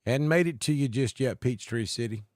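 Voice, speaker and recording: A man's voice: mid-range voice, a little mellow, no echo, clean studio sound. Folksy Southern man reading off weather greetings. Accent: Southern US, Alabama with north Georgia mountain mix. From Alabama. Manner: folksy, unhurried, greets viewers by name. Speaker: weather livestream host. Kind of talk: live weather stream, reading viewer comments. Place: home in northeast Georgia.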